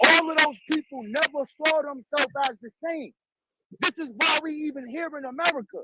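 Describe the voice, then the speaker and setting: A man's voice: very high voice, normal speed. A man arguing in a heated online debate, aggressive and profane, talking over his opponent. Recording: loud background noise with clicks.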